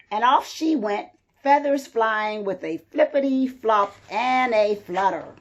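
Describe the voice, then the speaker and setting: Woman storyteller for kids, slow, expressive read-aloud, fairly high voice.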